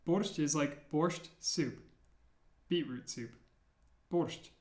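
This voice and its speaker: A man teaching the sounds of an alphabet, repeating each one slowly and clearly, with playful memory tricks. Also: a little high, animated, darkish tone, reverberant. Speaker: language teacher. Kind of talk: slow, deliberate pronunciation lesson.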